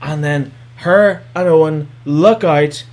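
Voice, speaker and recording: Animated, sarcastic man ranting. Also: fairly high pitch, takes it slowly. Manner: animated and sarcastic, heavy swearing. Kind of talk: profane comedic movie recap.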